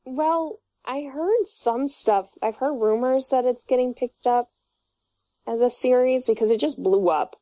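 A young woman with a high, mellow voice speaks at a measured pace, recorded with no echo but sounding dull and muffled. She chats casually, telling rambling, giggly stories packed with fillers and restarts.

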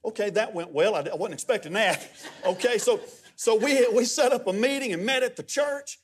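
A middle-aged man preaching as a guest pastor, telling stories in a lively, humorous way. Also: sits high, normal speed, a little hiss or hum. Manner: animated, humorous storytelling with many restarts. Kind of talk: sermon.

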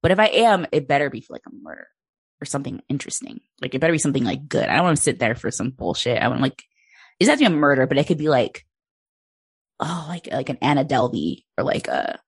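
A woman's voice: extremely low pitch, big pitch swings, quick pace, vocal fry, breathy edge, no echo, clean studio sound. A woman co-hosting a podcast in casual chat, chatty and gossipy, often laughing.

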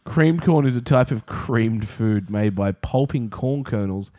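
A man's voice: mid-range voice, lively intonation, measured pace, warm tone, no room sound. Laughing, rambling man. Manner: laughs often, rambling and playful. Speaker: podcast co-host. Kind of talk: casual chat.

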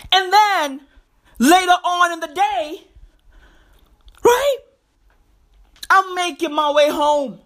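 A woman hosting a podcast in a profane comedic rant. She repeats her phrases and breaks into exasperated shouts. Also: very high voice. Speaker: podcast host.

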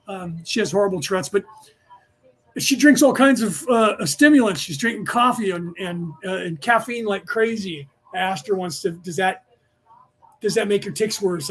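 A middle-aged man from the San Francisco Bay Area who talks in a rapid, rambling rush as he hosts a casual spiritual lecture for his podcast. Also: sits high, fairly bright tone. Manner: rapid, rambling, restless delivery. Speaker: podcast host teaching a class.

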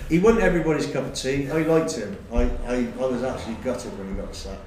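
A middle-aged man and former footballer, recalling his career in a halting, rambling way with many fillers. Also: medium pitch, expressive, darkish tone, a little hiss or hum. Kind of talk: casual interview chat. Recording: roomy, distant recording.

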